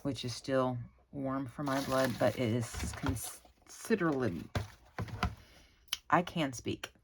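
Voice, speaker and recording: A woman with a notably low voice chats her way through a crafting video, rambling, gushing and exclaiming while she works. Her talk is loose and homey, recorded with a faint hum of background noise. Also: takes it slowly. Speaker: crafting channel host. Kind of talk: chatty crafting vlog.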